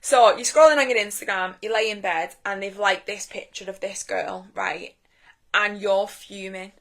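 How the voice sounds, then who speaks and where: A woman's voice: mid-range voice, steady tone, moderate pace, fairly bright tone. A young woman giving a casual live-stream talk on inner healing from her phone, chatty and straight-talking, swearing freely.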